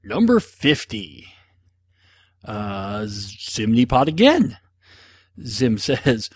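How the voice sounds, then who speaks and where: A man's voice: medium pitch, big pitch swings, drawn-out words, pauses often, slightly rough, no room sound. Rambling, jokey man with fillers. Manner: rambling, self-deprecating, jokey, with many fillers. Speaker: podcast host answering listener questions. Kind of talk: casual solo talk.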